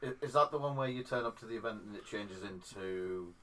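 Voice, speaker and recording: A man's voice: fairly low pitch, brisk, fairly bright tone, poor audio. A man chatting casually while a tabletop game is played, repeating words as he gets going. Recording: faint background noise.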